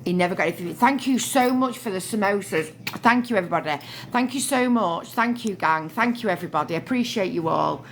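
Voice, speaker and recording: A woman's voice: medium pitch, animated, a little fast, few pauses, slight background noise. A middle-aged woman, chatting casually on a phone livestream and thanking viewers by name. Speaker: livestream host.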